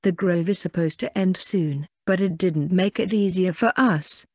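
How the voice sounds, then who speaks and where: A synthetic-sounding narrator reading a fantasy audiobook in the first person, in a flat, monotone way that spells out abbreviations letter by letter. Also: medium pitch, measured pace, dry recording, clean studio sound.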